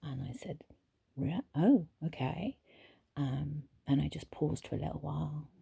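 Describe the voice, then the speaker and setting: A woman therapist telling a story casually, in a soft, hesitant way with frequent whispered asides. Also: sits low, flat delivery, normal speed, vocal fry, slightly rough, dry recording.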